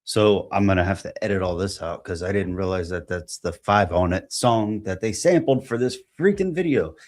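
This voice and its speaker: A man with a fairly low voice hosts a podcast on his own. He reads online posts aloud and muses over them. He stops and restarts often, leaning on fillers as he thinks. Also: lively intonation, darkish tone. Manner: rambling, halting, many fillers while thinking aloud. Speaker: podcast host.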